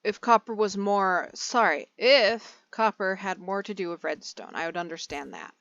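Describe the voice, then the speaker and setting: A woman's voice: mid-range voice, normal speed, gravelly, fairly bright tone, dry recording, highs cut off. A young woman giving casual gameplay commentary, chatty and rambling, easily sidetracked. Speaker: gaming video creator.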